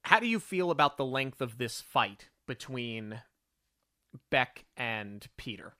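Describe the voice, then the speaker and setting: Man podcast co-host, bright forceful voice, dry mic, breaks down film plots. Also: mid-range voice, big pitch swings, slow, dry recording. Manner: analytical, makes his case firmly. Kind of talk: casual film review chat.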